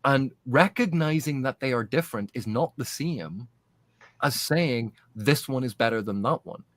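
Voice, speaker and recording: A man's voice: medium pitch, lively intonation, moderate pace, fairly bright tone. A man in a casual podcast panel discussion, making his points earnestly and emphatically, often restarting mid-phrase. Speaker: podcast guest.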